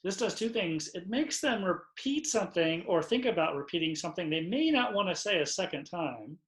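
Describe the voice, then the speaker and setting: A man co-presenting a training talk for lacrosse officials, measured and explanatory. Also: sits high, expressive, a bit bright. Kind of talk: instructional talk. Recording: roomy echoey recording.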